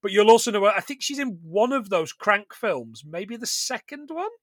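A man's voice: sits high, expressive, moderate pace, no room sound, clean studio sound. A man recapping a film with a co-host in casual, sweary chat, laughing often as he tells the story. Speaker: podcast co-host.

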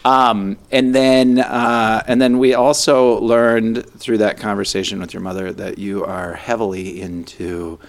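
A man's voice: fairly low pitch, fairly even intonation, measured pace, few pauses. A man co-hosting a podcast in casual chat, joking and rambling with restarts. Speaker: podcast co-host. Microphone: studio headphones and microphones.

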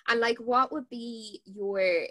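A woman's voice: on the high side, takes it slowly, pushed and bright, slight background noise. An Irish woman hosting a podcast, chatting casually with frequent "um" and "like". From Ireland. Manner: conversational, frequent "um" and "like". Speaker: podcast host.

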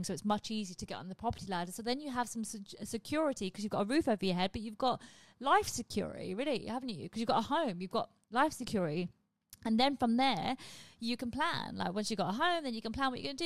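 A woman's voice: mid-range voice, no echo. A woman comedian talking to camera from her home, chatty and blunt and swearing freely. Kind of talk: casual monologue to camera.

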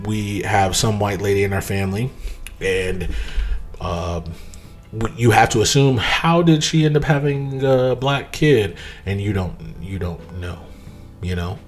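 A man talking in a casual monologue, emphatic and animated, with sudden jumps in pitch when he drives a point home.

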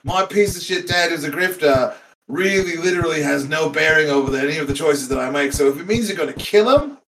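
A man's voice: fairly high pitch, brisk, fairly bright tone, a little hiss or hum, rough recording. A man voicing a flippant young male parakeet who mocks his estranged father. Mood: mocking. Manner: flippant, laughing, swearing.

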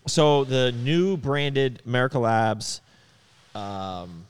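A man co-hosting a casual podcast, excitable and swearing casually. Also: medium pitch, drawn-out words, smooth, big-room sound. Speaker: podcast co-host. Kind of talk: casual chat.

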